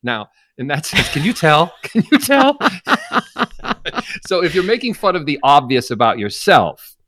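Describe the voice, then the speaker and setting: A man's voice: on the high side, big pitch swings, moderate pace, fairly bright tone. A man co-hosting an advice podcast, chatting casually, often restarting his sentences and chuckling. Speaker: podcast co-host.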